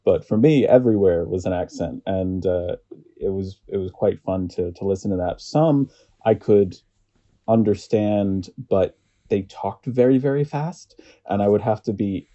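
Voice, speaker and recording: An American man chats as a podcast guest in a low, very dark voice. He rambles and restarts his sentences. The audio is muffled and lo-fi. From United States. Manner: rambling, halting, laughs often. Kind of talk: casual chat.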